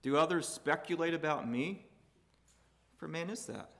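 A man preaching a sermon, building to loud emphatic peaks and dropping low and quiet between points. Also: moderate pace, creaky. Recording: hall reverb.

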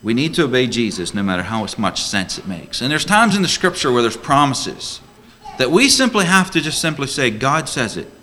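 A man's voice: medium pitch, sing-song, brisk, bright, forceful tone, slight background noise. A man preaching a sermon to a church congregation as a deacon, earnest and emphatic, full of rhetorical questions.

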